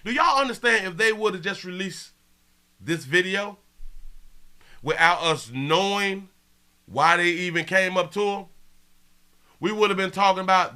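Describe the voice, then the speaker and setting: A man's voice: high-pitched, a little slow, long pauses, pushed and bright, smooth. A man hosting a live show, talking loosely and straight to his viewers as he comments on video footage. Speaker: show host.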